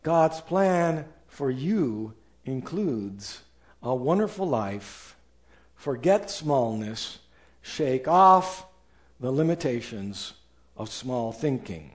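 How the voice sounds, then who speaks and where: Man preaching a sermon, slow measured delivery, swooping lively pitch, emphatic. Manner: emphatic preaching, acts out listeners' objections in higher voices. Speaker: pastor.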